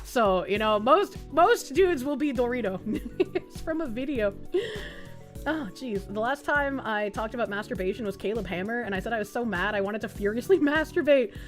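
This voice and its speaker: A young woman streamer chatting casually and crudely with her chat, reading donations and laughing often, her voice jumping up loud and high. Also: expressive, moderate pace, faint music behind.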